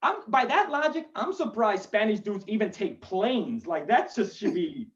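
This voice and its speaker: A man's voice: sits high, sing-song, moderate pace, recorded from a distance, lo-fi sound. A male stand-up comedian doing a chatty, rambling set from his home over a video call, with self-deprecating asides. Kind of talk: stand-up set for an online show.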